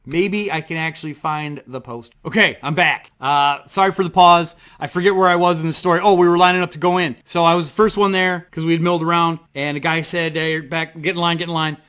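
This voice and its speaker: A man with a bright, forceful voice sitting pitched a touch high for a guy. He rambles through his story with plenty of fillers and casual swearing, excited and loose, talking to camera from his desk at home. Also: a little fast, hardly any pauses, smooth. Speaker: vlogger. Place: home desk in front of a computer.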